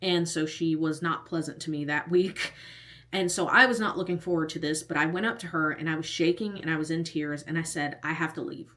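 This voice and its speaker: Young woman vlogging a storytime, kinda low voice, animated, laughs a lot. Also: a little fast. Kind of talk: casual storytime.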